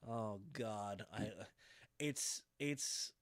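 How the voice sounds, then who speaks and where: A man's voice: lowish voice, extremely slow, dry recording. A man co-hosting a casual wrestling podcast, talking animatedly and acting out wrestlers' lines. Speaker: podcast co-host.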